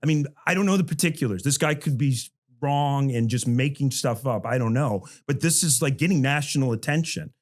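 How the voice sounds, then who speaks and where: A man's voice: mid-range voice, brisk. A middle-aged man, a history professor, talking casually on a panel podcast, rambling with many restarts and asides and chuckling as he goes.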